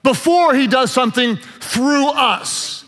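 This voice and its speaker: A man's voice: very high voice, takes it slowly, in a large hall. A man preaching a sermon as pastor, telling stories with joking asides. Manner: animated storyteller, joking asides.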